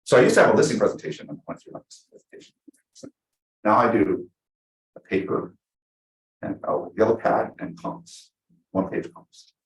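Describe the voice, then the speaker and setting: A man teaching real estate agents at a team meeting, talking fast and acting out his examples. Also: lowish voice, gravelly. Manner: energetic, fast, full of acted-out examples. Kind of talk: live team training class. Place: meeting room with a small audience. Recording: echoey room.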